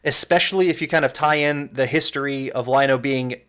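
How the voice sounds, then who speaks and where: A man's voice: medium pitch, a little fast, fairly bright tone, smooth. A man co-hosting a podcast in casual chat, rambling with fillers and restarts. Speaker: podcast co-host.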